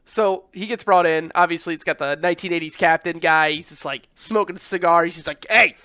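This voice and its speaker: A man with a fairly high, bright voice runs through a movie plot in loose, casual chat. He jumps into mock character voices and swears freely. The sound is dry and close, with no room around it. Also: steady tone, fairly quick, clear, resonant tone, no room sound. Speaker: podcast co-host.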